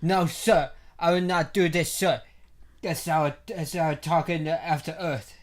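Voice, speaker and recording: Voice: medium pitch, fairly even intonation, measured pace, natural voice. A co-host putting on a stiff young man who drops his R's and speaks in clipped lines. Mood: mock-stiff. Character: mumbling young man drawling "sir".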